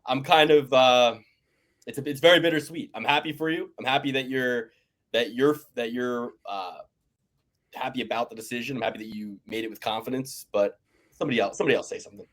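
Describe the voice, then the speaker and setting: A man hosting a podcast, talking casually and haltingly, repeating his words. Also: medium pitch, fairly bright tone. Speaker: podcast host.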